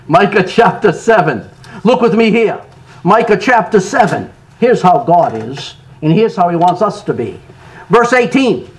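A man preaches a sermon in a high voice that keeps leaping up and down. He lurches from loud cries to hushed asides and laughs between his lines. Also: a little slow, rough recording. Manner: animated preaching, sudden loud rises and soft drops. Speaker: pastor.

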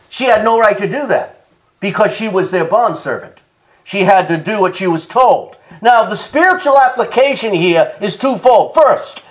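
A male pastor preaching an animated sermon, chuckling often and calling out to the congregation. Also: very high-pitched, measured pace. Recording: roomy church echo.

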